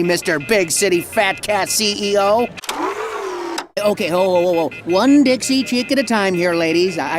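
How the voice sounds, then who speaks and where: An actor with a Southern American accent playing a bombastic, folksy country music promoter who swings from ranting to sheepish. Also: male voice, high-pitched. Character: blustering Southern good-old-boy promoter, middle-aged man. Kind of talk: video game voice acting.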